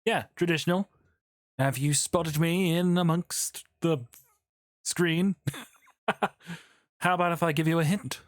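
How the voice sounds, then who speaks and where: Casual Minecraft building commentary from a gaming YouTuber who is chatty, rambling, and prone to interrupting themselves. The medium-pitched voice has fairly even intonation, runs a little slow with frequent pauses, and is recorded dry at studio quality.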